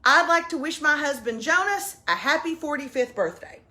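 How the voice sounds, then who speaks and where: A woman, co-hosting a live morning show in loud, playful, teasing casual chat. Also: high-pitched, animated, moderate pace. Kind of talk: casual live chat, reading a viewer's message.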